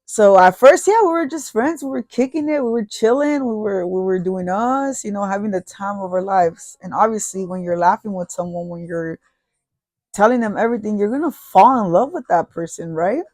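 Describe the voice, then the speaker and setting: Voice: mid-range voice, moderate pace, darkish tone, no room sound. Profane, rambling podcast storyteller. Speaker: podcast host. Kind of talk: casual storytelling.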